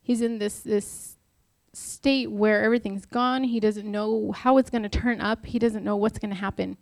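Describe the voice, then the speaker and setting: A woman's voice: mid-range voice, steady tone, moderate pace, no echo. A married woman giving a casual devotional talk, chatty and self-deprecating, acting out the lines she quotes. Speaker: Bible study speaker.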